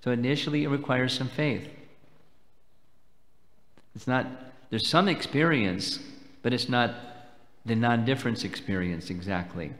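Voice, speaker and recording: A man giving a devotional lecture at a festival, explaining slowly and deliberately and taking questions. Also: medium pitch, a bit bright. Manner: measured, explanatory, slow and deliberate. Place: temple hall. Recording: long hall reverb.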